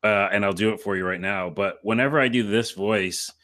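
Playful man, casual chat, crisp bright tone, lowish pitch. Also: brisk. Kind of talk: casual conversation.

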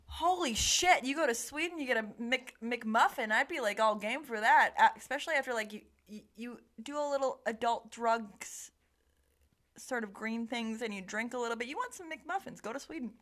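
A woman making wry jokes and quick asides in casual podcast chat. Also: fairly high pitch, animated, fairly bright tone.

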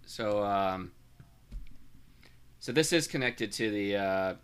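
A man's voice: fairly low pitch, animated, slow, smooth. A man co-hosting a podcast in casual chat, easygoing and joking. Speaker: podcast co-host.

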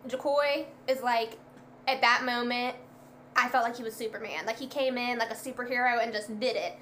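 A young woman tells a story casually with lots of energy, acting out every quoted line. Her voice sits a little high and sounds bright and forceful. A faint hum of ambient noise stays underneath. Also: moderate pace. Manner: animated, lots of "like", acts out quoted lines. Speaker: guest telling a birth story.

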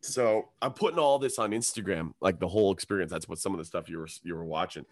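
A man's voice: low-pitched, fast. A young man, telling a long comic story on a podcast, swearing freely and acting out voices in a raised tone. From Canada. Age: young adult. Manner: animated, profane storytelling, acts out his own and others' lines in a raised voice. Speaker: comedian guest.

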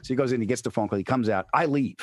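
A man, a comedian and actor, telling a story in casual chat and acting out his friend's panicked voice in high shouts. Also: very fast, no room sound, studio quality.

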